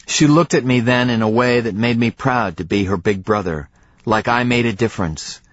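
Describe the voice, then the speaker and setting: A man narrating a novel in the first person, measured, with dramatic pauses, in a dry, slightly dull audiobook recording. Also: mid-range voice, no room sound.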